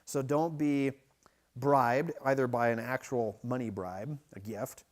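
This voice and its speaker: A man's voice: medium pitch, steady tone, a little slow. Man teaching a casual Bible study. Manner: conversational teaching, frequent "right?" checks and restarts. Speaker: pastor. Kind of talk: midweek Bible teaching sermon. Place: church.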